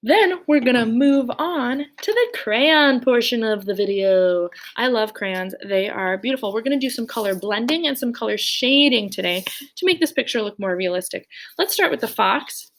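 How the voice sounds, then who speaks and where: A woman's voice: a little high, lively intonation, normal speed. A young woman leading a children's drawing lesson, cheerful and playful, speaking directly to the kids. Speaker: art teacher.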